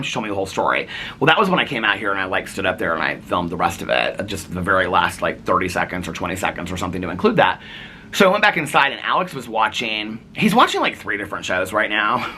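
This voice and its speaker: A man's voice: fairly low pitch, pushed and bright, a little hiss or hum. A man vlogger telling a long casual story, rambling with many fillers and acting out what others said. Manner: rambling, lots of "like", quotes others in raised voice.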